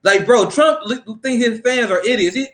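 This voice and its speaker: A man with a very high voice rants about politics as host of a casual talk show. He swears freely, gets heated, and breaks into laughter often. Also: normal speed, fairly bright tone.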